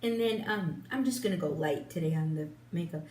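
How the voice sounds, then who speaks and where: A woman's voice: sits low, a little fast, darkish tone. An older woman chatting casually while doing her makeup, rambling, with lots of fillers, restarts and laughs. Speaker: beauty vlogger. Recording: roomy, distant mic, faint hum.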